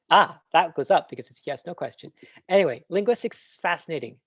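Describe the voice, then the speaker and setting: A man's voice: on the high side, expressive, fast, fairly bright tone, breathy edge, no room sound, dull audio. A man answering questions in a talk, enthusiastic and rambling with fillers, heard over a video call. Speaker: guest speaker. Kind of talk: casual Q&A answer.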